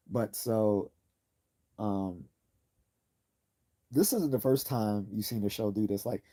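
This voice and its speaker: Man, low voice, warm, casual livestream host, earnest, rambling, restarts often. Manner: earnest and enthusiastic.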